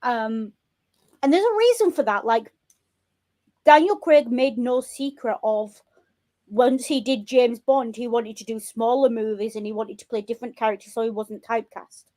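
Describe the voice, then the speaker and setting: A British woman talking films with a co-host in a relaxed, chatty way. Her voice sits a little high, and she is blunt and swears casually. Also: normal speed. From Britain. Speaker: podcast co-host. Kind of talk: casual film chat.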